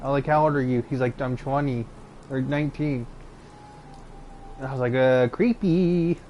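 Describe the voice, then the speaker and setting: A man's voice: mid-range voice, fairly even intonation, normal speed, a little mellow, a little hiss or hum. A young man telling his own stories casually, rambling and hesitant, with lots of fillers and restarts. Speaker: channel host recounting personal stories. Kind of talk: casual storytelling.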